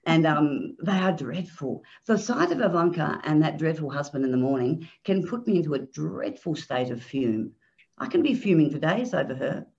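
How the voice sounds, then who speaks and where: A woman author talking casually on a video call, animated and self-mocking, often calling people "love". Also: deep voice, normal speed, vocal fry. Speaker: author guest. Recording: dull lo-fi video-call audio.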